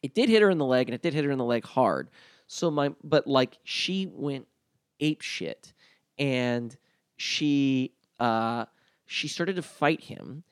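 A man's voice: medium pitch, expressive, unhurried, clear, resonant tone, no echo, studio quality. A young man telling a story from his teens in a casual chat, rambling with lots of fillers and restarts. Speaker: guest.

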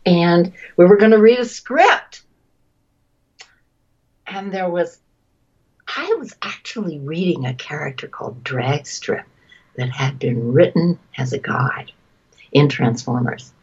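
A woman with a husky, somewhat low voice recounts her career in a relaxed interview. She is animated and chatty, laughs easily and drifts off mid-sentence. The recording sounds dull and lo-fi. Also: takes it slowly, pauses often. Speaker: voice actress guest. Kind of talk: casual interview storytelling.

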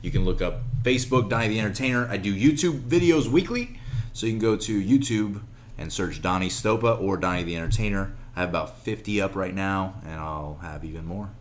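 A male comedian guest on a podcast, playful and expressive in casual banter. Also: low-pitched, brisk, a little hiss or hum. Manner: playful, expressive, plugs himself.

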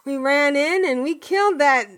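A woman co-hosting a casual gaming podcast, chatty and quick to laugh between her remarks. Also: high-pitched, a bit bright, no room sound. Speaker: podcast co-host.

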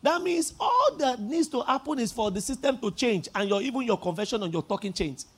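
High-voiced Nigerian pastor preaching emphatically. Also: male voice, sing-song, a little fast, slightly rough. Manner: emphatic preaching with call-and-response, rising to shouts. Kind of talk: sermon.

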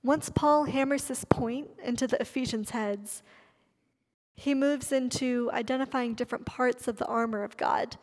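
A woman preaching a sermon, slowing down to stress key words. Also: a little high, fairly even intonation, big-room sound. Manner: emphatic, stresses key words with slowed delivery.

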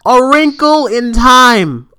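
A man's voice: very high voice, slow, very noisy. A man co-hosting a movie news podcast, ranting in casual chat, swearing and laughing, recorded remotely. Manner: animated, swearing, laughing often. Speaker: podcast co-host. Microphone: remote recording setup.

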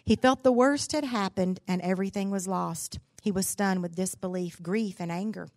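A woman's voice: mid-range voice, moderate pace, a little mellow, no room sound. A woman, a pastor's wife giving a devotional talk in a folksy, candid, humorous storytelling way. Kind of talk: sermon-style devotional storytelling.

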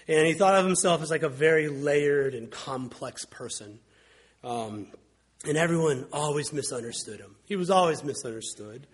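A man's voice: fairly high pitch, expressive, moderate pace, breathy edge. A man preaching a sermon as a pastor, telling wry stories in a conversational way. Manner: conversational, wry storytelling with mimicked quotes.

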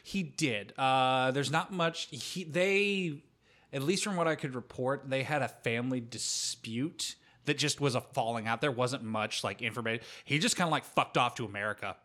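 A man with a clear, bright, forward voice leads a podcast chat. He moves between reading facts off his notes and loose, swearing asides, in an easygoing, conversational way. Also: mid-range voice, moderate pace. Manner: relaxed and profane, mixes read facts with loose asides. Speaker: podcast co-host leading the episode.

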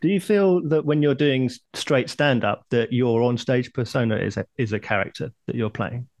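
Podcast host asking questions, gravelly voice, lots of little yeahs. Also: medium pitch, moderate pace, a little mellow. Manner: brief backchannel replies. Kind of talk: casual interview.

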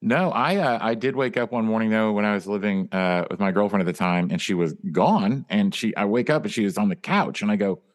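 A man's voice: lowish voice, fairly quick, few pauses. A man hosting a comedy podcast, chatting casually and throwing in playful, dry quips. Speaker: podcast host.

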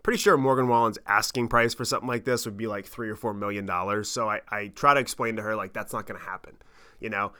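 A man in his thirties telling a travel story on his podcast, animated and rambling, with lots of swearing and fillers. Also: lowish voice, fast talker, clean tone. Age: 30s. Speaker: podcast host. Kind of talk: casual storytelling monologue.

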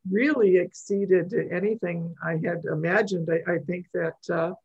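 A woman's voice: on the low side, fairly even intonation, normal speed, darkish tone. A woman hosting a casual podcast interview, speaking with stammers and restarts. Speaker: podcast host. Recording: dull lo-fi audio.

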